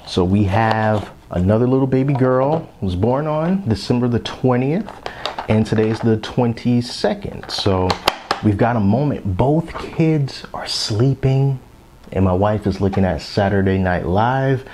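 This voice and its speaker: A man's voice: fairly low pitch, lively intonation, moderate pace, warm tone, slight background noise. A man in his thirties casually reviewing action figures on camera in a chatty, rambling way, now and then dropping to a whisper. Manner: chatty, rambling, drops into whispers so as not to wake his kids. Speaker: toy collector vlogger.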